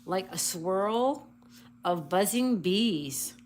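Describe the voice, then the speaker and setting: A woman hosting a casual livestream, reading viewer comments and slowly spelling out crossword answers letter by letter. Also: mid-range voice, lively intonation, a little mellow, slight background noise. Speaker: livestream host.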